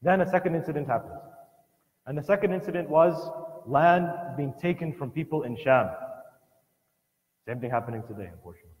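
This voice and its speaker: A man's voice: a little high, brisk, long pauses, highs cut off. A man giving a religious lesson at a family program, telling the story earnestly and emphatically, often restarting his sentences. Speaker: lecturer at a community family program. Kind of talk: religious lesson retelling a scholar's life. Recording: long hall reverb.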